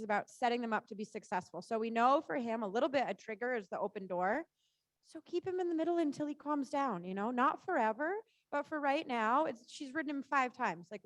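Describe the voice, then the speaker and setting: A woman instructor giving quick, encouraging cues to a rider during a live riding lesson in an indoor arena. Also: sits high, no room sound.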